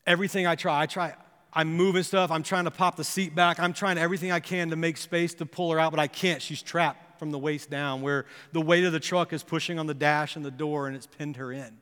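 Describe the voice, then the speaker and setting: A pastor preaching a sermon, telling a personal story with earnest, building intensity that rises to impassioned pleas. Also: male voice, fairly high pitch, steady tone, brisk, a bit bright, smooth. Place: church sanctuary. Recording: long reverb of a church hall.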